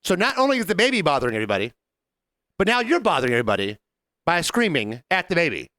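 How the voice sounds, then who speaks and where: A fast-talking man co-hosting a podcast, with a slightly high voice that swings up and down a lot as he tells his stories. He swears freely for emphasis. The sound is dry and close. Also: no room sound. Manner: animated storytelling, swearing for emphasis. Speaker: podcast co-host. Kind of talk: casual chat.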